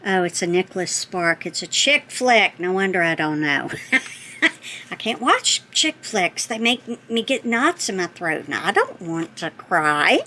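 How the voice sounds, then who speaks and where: Slow-talking, gushing woman crafter. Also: on the low side, big pitch swings, pushed and bright, slight background noise, poor audio. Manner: chatty, gushing, thinks aloud and corrects herself. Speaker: craft channel host. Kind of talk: casual chat opening happy mail.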